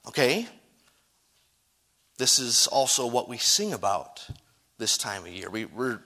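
New guy preaching, high voice that jumps all over, takes it slow. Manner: preaching with emphatic rises and hushed drops. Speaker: pastor. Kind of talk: sermon.

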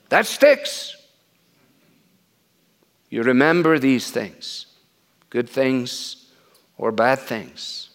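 A middle-aged or older man preaching an expository sermon. He is earnest and conversational, often pausing on "uh" and asking rhetorical questions. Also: mid-range voice, expressive.

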